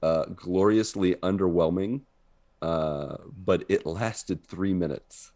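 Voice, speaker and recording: A man co-hosting a podcast, telling an animated story in casual chat and laughing often. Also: low voice, slow. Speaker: podcast co-host. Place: living in Brazil.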